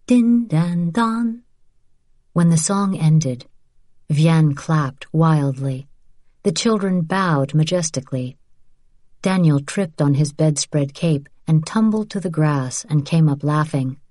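A woman reads a novel aloud in a calm, even narration, her voice low and mellow. The recording is dry and close, with no room sound at all. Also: takes it slowly, dry recording. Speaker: audiobook narrator. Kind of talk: scripted audiobook narration.

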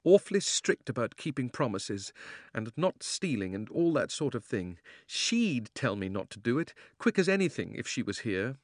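A man reading an audiobook, voicing a troubled young boy who answers in a strained, pleading voice and sometimes bursts out loudly. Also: medium pitch, fast, no room sound, studio quality, lightly acted. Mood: miserable. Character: anxious young boy torn by a hard choice.

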